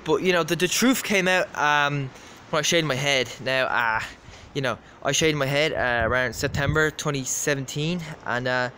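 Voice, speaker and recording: A man's voice: on the high side, normal speed, hardly any pauses, pushed and bright, slight background noise. Rambling Irish man telling a story. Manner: rambling, repetitive, many fillers. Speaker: vlogger. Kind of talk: casual storytelling.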